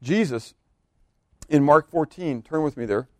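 A man's voice: fairly high pitch, lively intonation, unhurried, warm tone, dry recording. A man preaching a sermon in a loose, conversational way, asking the congregation questions and laughing now and then. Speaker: pastor.

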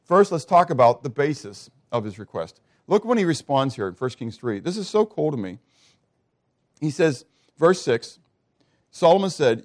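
A male pastor teaching a sermon in a conversational, animated way, constantly checking in with his listeners. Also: mid-range voice, moderate pace. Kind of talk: expository sermon.

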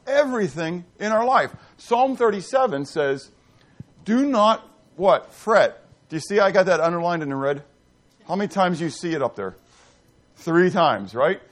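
An animated male pastor delivers a sermon in a somewhat high voice with a very lively pitch. He keeps asking his congregation questions. He swings from punchy emphasis to near-whispered asides. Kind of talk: interactive sermon.

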